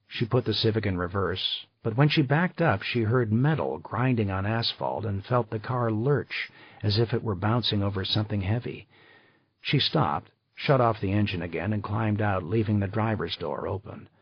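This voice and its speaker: A male audiobook narrator with a low, gravelly, husky voice reads in a measured, unhurried way. The recording is dry and somewhat dull, with no room around it. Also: no echo. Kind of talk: scripted narration.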